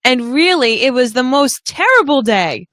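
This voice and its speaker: Brief: young female co-host, jokey and emphatic, higher voice, dry close mic. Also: moderate pace, no room sound. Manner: animated, jokey, hits words for emphasis. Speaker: podcast co-host. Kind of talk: casual chat on a live-streamed podcast.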